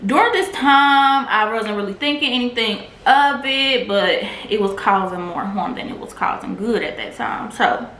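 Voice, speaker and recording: A woman's voice: on the high side, moderate pace, few pauses, a bit bright. A woman vlogger candidly telling a personal testimony in a casual, filler-heavy way. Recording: echoey room with faint noise.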